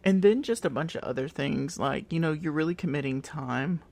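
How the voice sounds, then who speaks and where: A woman co-hosting a casual podcast chat, playful and affirming with quick comebacks. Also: deep voice, creaky, darkish tone. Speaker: podcast co-host.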